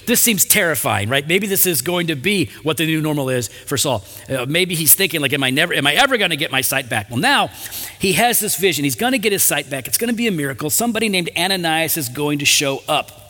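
A man preaching a sermon, reading scripture and then explaining it in a lively, conversational way with asides. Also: fairly high pitch, brisk, in a large hall. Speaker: pastor.

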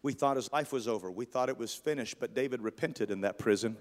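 A man's voice: medium pitch, fast talker. Impassioned male preacher in a reverberant hall. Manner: impassioned, rising to near shouts. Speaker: pastor. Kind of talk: storytelling sermon.

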